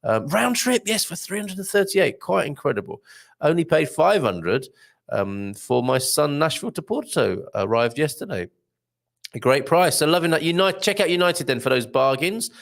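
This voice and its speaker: Speaking at a normal speed with a creaky voice, a man hosts a casual live stream and reads viewer comments aloud. He's chatty and rambling, with a lively pitch and many fillers.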